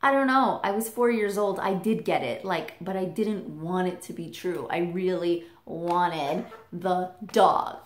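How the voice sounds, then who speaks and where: A woman from England, a vlogger telling a childhood story in an animated way, leaping up high when she quotes her child self. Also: a little slow, few pauses. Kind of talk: personal storytelling. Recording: roomy echo.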